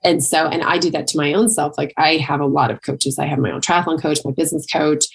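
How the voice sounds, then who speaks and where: Middle-aged woman coach, low husky voice with some fry, chatty motivational talk. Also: steady tone, a little fast. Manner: conversational, with many "like" and "right?" asides. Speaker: triathlon and life coach. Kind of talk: motivational monologue.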